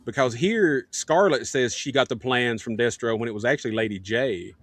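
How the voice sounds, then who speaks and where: A man's voice: mid-range voice, moderate pace, dry recording. A man co-hosting a casual comic book talk show, jokey and laughing often. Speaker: podcast co-host.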